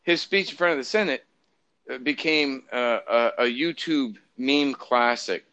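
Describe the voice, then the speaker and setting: Rambling sarcastic man, bright and dry. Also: mid-range voice, unhurried, clean tone, no room sound, lo-fi sound. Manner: rambling, sarcastic, profane, many fillers and restarts. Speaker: podcast co-host. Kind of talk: casual political chat.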